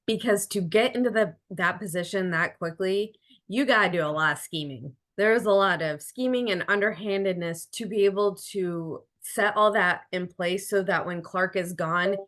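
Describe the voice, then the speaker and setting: A woman's voice: fairly low pitch, fairly bright tone. A woman reasoning through her view in a casual podcast discussion. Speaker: podcast co-host.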